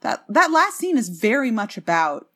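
A Southern woman with a faint accent chats casually as co-host of a book podcast. Her pitch swoops up and down a lot. She laughs easily between points. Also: normal speed. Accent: Southern American. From American South. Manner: animated, laughs often. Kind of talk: casual chat.

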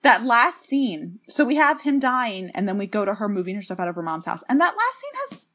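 A Southern woman with a faint accent chats casually as co-host of a book podcast. Her pitch swoops up and down a lot. She laughs easily between points. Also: brisk. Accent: Southern American. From American South. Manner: animated, laughs often. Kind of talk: casual chat.

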